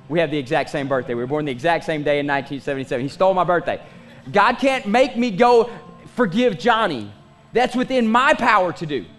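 A pastor in his forties preaching a sermon in a conversational style, asking the congregation questions and making asides. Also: sits high. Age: 40s.

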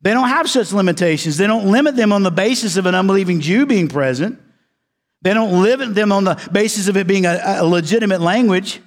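High-voiced man preaching in a reverberant hall. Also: animated, fairly quick. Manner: emphatic preaching, repeats key words, drops to quiet low tones for stress. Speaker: pastor. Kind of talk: sermon.

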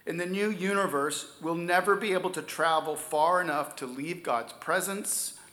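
A man preaching a sermon, stressing key words loudly and then dropping to near-whispers. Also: fairly high pitch, moderate pace, echoey room. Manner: emphatic preaching, swings from loud stresses to soft near-whispers. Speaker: pastor.

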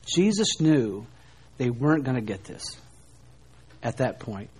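A man preaching a sermon, animated and emphatic, often posing rhetorical questions. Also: mid-range voice, measured pace, husky.

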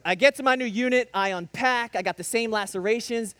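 A man's voice: extremely high pitch, a little fast, bright, forceful tone, smooth, no echo. A man telling a faith testimony in emphatic preacher-style storytelling, with punchy short sentences that rise to bursts. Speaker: speaker giving a faith testimony.

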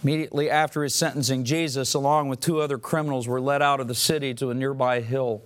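A man's voice: mid-range voice, steady tone, fast. A man preaching a sermon, retelling scripture dramatically and acting out the quoted lines. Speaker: pastor.

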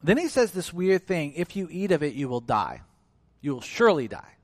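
A man preaching a sermon in an animated way, acting out quoted voices with big swings in pitch and loudness. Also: moderate pace, pauses often, no room sound, clean studio sound. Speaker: pastor.

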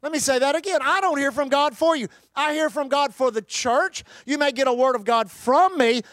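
A man's voice: very high-pitched, a bit bright, dry recording, studio quality. A man preaching a sermon, emphatic and calling on the congregation to answer back. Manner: emphatic, calls for congregation response.

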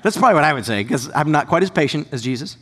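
A man preaching a sermon as pastor, conversational and animated, with sudden shouts and quick asides. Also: on the high side. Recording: long hall reverb.

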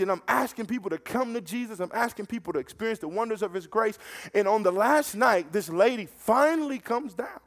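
A high-pitched male preacher delivers a sermon with fervour. He tells stories from the pulpit and often repeats a word as he restarts his thought. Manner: fervent, storytelling, repeats words when restarting.

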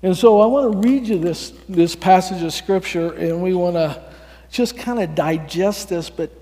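A man preaching a sermon, telling a story with lively acted-out dialogue and small chuckles. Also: high voice, normal speed, big-room sound.

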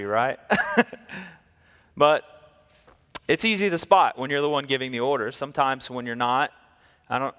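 A man preaching a sermon, telling stories in a lively way and acting out the people in them. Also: mid-range voice, in a large hall. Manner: storytelling, animated, acts out quotes. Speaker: pastor.

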